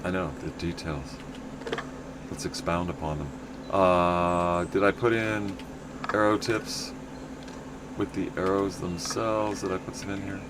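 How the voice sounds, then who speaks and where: A man's voice: sits low, fairly even intonation, a little slow, pauses often, noisy background. A middle-aged man from the United States, chatting in a rambling, casual way while streaming a game. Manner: rambling, chatty, many restarts.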